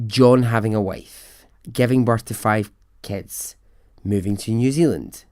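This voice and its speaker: A man's voice: medium pitch, dark tone, no room sound, clean studio sound. Chatty man telling a story. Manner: chatty, wry, laughs at his own asides. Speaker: podcast host. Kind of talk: casual storytelling.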